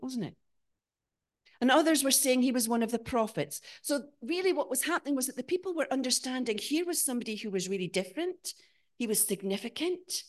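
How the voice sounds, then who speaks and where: A woman preaching a sermon in church, rising to emphatic peaks and dropping to quiet, searching questions. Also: fairly high pitch.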